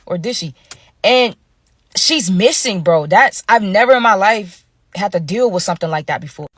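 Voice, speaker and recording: A woman vlogger recounts a storytime in a casual, slangy way, talking straight to her viewers. Her voice sits at a middle pitch, recorded close and dry with no room sound. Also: animated, normal speed, fairly bright tone, no echo. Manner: chatty, slangy, addresses viewers directly.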